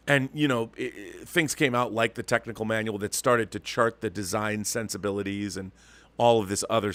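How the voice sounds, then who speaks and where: Male host, mid-pitched, emphatic ranting commentary, dry close-miked sound. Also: fairly bright tone, no room sound. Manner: emphatic, ranting, with frequent restarts. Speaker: show host. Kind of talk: opinionated commentary monologue.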